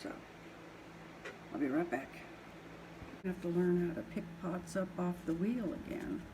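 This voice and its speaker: A woman's voice: lowish voice, moderate pace, noisy background. A middle-aged woman from Colorado with a Southern twang and a sniffly nose, chatting casually in her home pottery studio while she works, rambling and laughing often. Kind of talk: casual chat while working.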